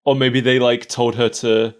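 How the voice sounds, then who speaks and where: A man's voice: medium pitch, flat delivery, measured pace. A man co-hosting a podcast, chatting casually and laughing often between wry asides. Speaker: podcast co-host. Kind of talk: casual chat.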